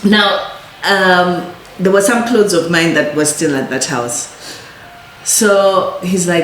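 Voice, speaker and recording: A woman telling her addiction recovery story as a podcast guest, animated and acting out other people's lines. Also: lowish voice, takes it slowly. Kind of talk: casual storytelling chat. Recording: echoey room with faint noise.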